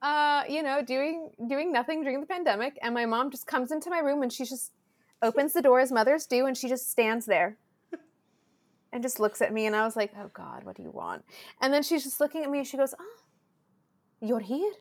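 A woman in her twenties, a podcast guest, telling animated family stories, laughing often and acting out quotes. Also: high voice, fairly quick. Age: 20s. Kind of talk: casual storytelling chat.

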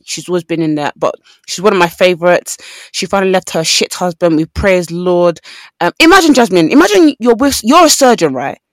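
Animated young woman chatting. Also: lowish voice, a little fast, dry recording. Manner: animated storytelling with voiced quotes. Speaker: podcast co-host. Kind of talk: casual chat.

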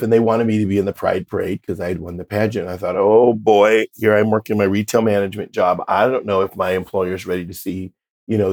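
A man in his fifties with a low, husky voice, spinning a long anecdote as an interview guest. He slips into other people's voices as he quotes them, and his telling is lively and playful throughout. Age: 50s. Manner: animated storyteller, acts out quoted voices. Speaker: drag performer and guest. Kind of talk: casual interview storytelling.

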